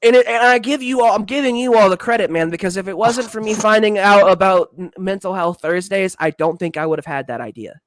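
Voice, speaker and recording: A man as a guest on a livestream, talking earnestly and haltingly, close to tears, swearing freely. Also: high voice. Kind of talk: emotional livestream chat.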